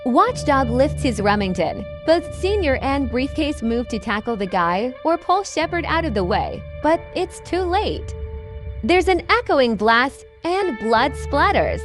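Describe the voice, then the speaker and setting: A woman narrating a scripted horror story in a slow, measured reading. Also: sits high, big pitch swings, music in the background.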